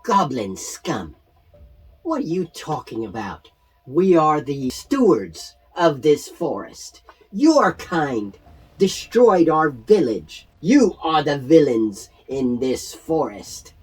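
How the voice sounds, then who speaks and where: A man's voice: on the high side, big pitch swings, slow pace, breathy edge, soft background music, voice pushed up, exaggerated voice, rough recording. A man voicing a fierce female steward of the forest, snapping with scornful outbursts.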